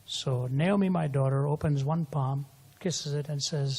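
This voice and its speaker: An older man delivers a sermon in a husky, slightly high voice. He tells stories that swell into loud quoted lines, then drop soft for tender moments. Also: measured pace. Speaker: preacher. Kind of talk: sermon storytelling.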